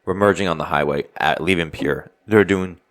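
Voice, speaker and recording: A man's voice: sits low, moderate pace, fairly bright tone. A man co-hosting a casual podcast, ranting bluntly and swearing freely. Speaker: podcast co-host.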